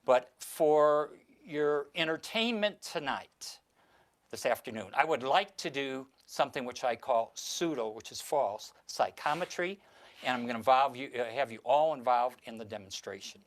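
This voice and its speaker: A man's voice: mid-range voice, expressive, normal speed. A man performing mentalism on stage, giving the audience theatrical instructions and sometimes stumbling over his words.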